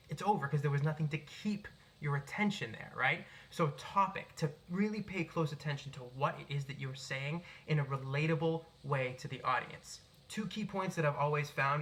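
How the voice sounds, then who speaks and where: A young man from Boston talks without a script in a bright, ringing, slightly higher voice. He projects strongly and keeps the delivery animated, with only faint traces of his hometown in a mostly neutral accent. It is recorded on a cell phone in his apartment. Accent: neutral American, Boston traces. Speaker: self-help speaker. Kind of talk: unscripted tips video. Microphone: cell phone, no microphone.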